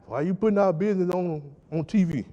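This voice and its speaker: A man pastor preaching a sermon with emphatic call-and-response delivery, swinging between loud and soft. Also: high voice, moderate pace, dull audio. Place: church sanctuary. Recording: church hall with long reverb.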